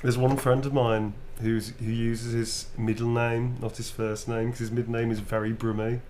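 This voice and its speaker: A man's voice: mid-range voice, little pitch movement, normal speed, darkish tone, slight background noise. A tired British man from Birmingham chatting casually on a livestream while signing autographs, laughing often and calling people "darling" and "mate". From Birmingham, England.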